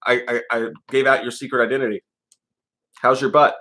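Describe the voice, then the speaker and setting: A man's voice: medium pitch, little pitch movement, brisk, bright, forceful tone. A man co-hosting a casual livestream, reading out chat messages with laughs, jokes and swearing. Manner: laughing, joking, profane. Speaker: co-host reading live chat.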